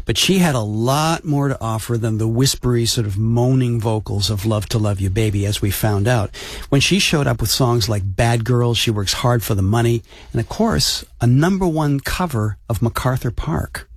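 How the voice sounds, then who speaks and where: A man's voice: mid-range voice, normal speed, breathy edge, dry recording, studio quality. A man co-hosting a music show, laid-back in chat and reading set-ups from a script. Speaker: radio show co-host. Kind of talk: casual chat and scripted intros.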